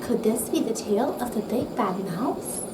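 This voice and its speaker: A woman calmly reading a rhyming children's picture book aloud. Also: fairly high pitch, a little slow. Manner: calm, gentle, rhythmic reading. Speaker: storybook reader. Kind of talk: bedtime story reading aloud. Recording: roomy, distant mic with background noise.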